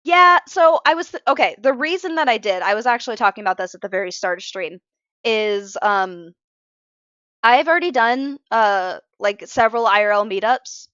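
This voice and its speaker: Tired, rambling woman streamer, higher voice. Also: moderate pace, a bit bright, dry recording, dull audio. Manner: rambling, self-interrupting, frank about being emotional. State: tired from little sleep. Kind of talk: casual live-stream chat while drawing.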